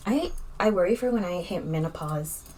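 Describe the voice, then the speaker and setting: A woman's voice: lowish voice, lively intonation, moderate pace, dark tone. A young woman chatting casually in a makeup vlog, rambling and candid, with lots of fillers as she talks. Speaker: vlogger.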